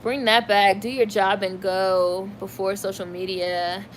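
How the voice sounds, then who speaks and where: A woman's voice: mid-range voice, measured pace, slight background noise. A woman hosting a livestream, chatting casually about celebrity gossip and reacting to comments from her chat. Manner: chatty, animated, heavy use of "like". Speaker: livestream host reading chat.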